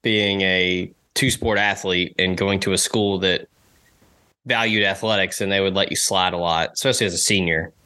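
A young man co-hosting a casual podcast, his voice pitched a touch low yet bright and forceful. He tells stories in a rambling, animated way and slips into the voices of the people he quotes. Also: moderate pace, clear, resonant tone. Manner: animated storyteller acting out quotes. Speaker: podcast co-host. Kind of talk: casual storytelling chat.

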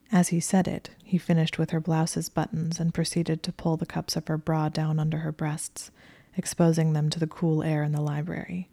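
A woman narrating a story softly, often dropping to a whisper. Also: deep voice, completely flat delivery, moderate pace, gravelly, no room sound.

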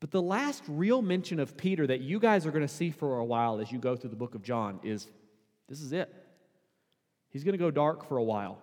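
A man preaching a sermon as pastor, conversational and casual, building to emphatic, louder peaks. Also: a little high, animated, a little fast. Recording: long hall reverb.

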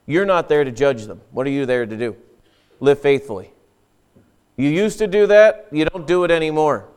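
A man delivers a sermon in an earnest, emphatic way, often restarting his sentences. His voice sits a little high for a man and comes through smooth and clear. He sounds like a pastor speaking to his congregation. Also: lively intonation, moderate pace, a little mellow.

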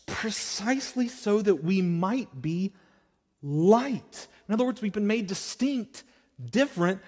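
A man preaching a sermon as pastor, moving between quiet explanation and emphatic, rising declarations. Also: high-pitched. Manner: animated preaching, swings between soft and emphatic. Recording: reverberant hall.

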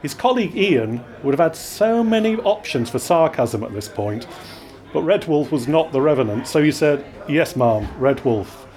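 Brief: male storyteller, wry and expressive, lively up-and-down pitch. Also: normal speed. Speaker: reader. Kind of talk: live reading of his own story.

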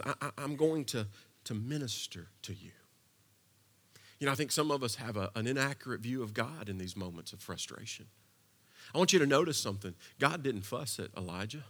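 A man preaching a sermon in a conversational way, dropping to a hush and then building to impassioned passages. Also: medium pitch, husky. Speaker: pastor.

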